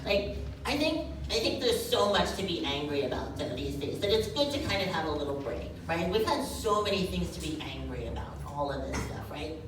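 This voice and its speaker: A woman performing a stand-up comedy set on stage, chatty and animated, often checking in with "right?". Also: fairly low pitch, brisk. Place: comedy stage, live crowd. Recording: very echoey room, distant mic, noisy.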